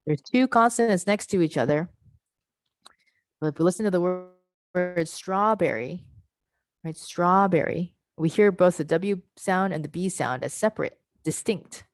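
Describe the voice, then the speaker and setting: Low-voiced woman sounding out words slowly. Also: lively intonation, a little mellow, dry recording. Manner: patient, explanatory, sounds out word parts slowly. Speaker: workshop presenter. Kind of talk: online teacher workshop. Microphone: video call.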